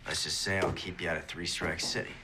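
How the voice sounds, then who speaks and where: A sarcastic police detective, played by a man with a lowish voice, needling a suspect in a deadpan tone. Clear noise runs under the film soundtrack. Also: fast talker, natural voice. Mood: sardonic. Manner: dry and sarcastic. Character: dry, sarcastic middle-aged male police detective.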